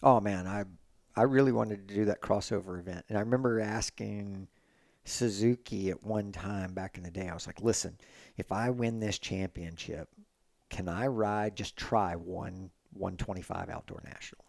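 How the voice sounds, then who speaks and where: A middle-aged man, a former racing champion, telling stories in a relaxed, casual podcast conversation with frequent restarts. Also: lowish voice, moderate pace, vocal fry. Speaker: guest, retired road racing champion.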